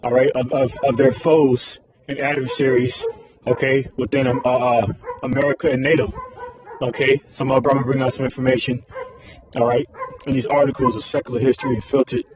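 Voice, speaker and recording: A man's voice: medium pitch, flat delivery, brisk, muffled recording, crowd noise. Rambling man, filler-heavy religious talk. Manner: rambling with constant fillers like all right and man. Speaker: religious commentator. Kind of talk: informal religious commentary. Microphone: phone screen recording.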